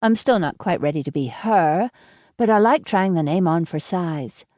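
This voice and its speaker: A woman narrating a first-person audiobook in a lowish voice, steady and measured. The recording is close and dry, with no room sound. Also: dry recording.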